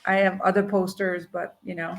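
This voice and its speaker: A woman's voice: fairly low pitch, level tone, normal speed, vocal fry. A woman from Montreal, a casting director, chatting as an interview guest in a friendly, easygoing way. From Montreal, Canada. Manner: friendly, easygoing, laughs lightly. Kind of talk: casual interview over video call.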